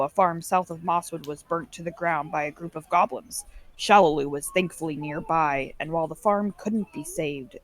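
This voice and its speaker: A woman narrating as game master in a relaxed, loose way with frequent fillers. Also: fairly low pitch.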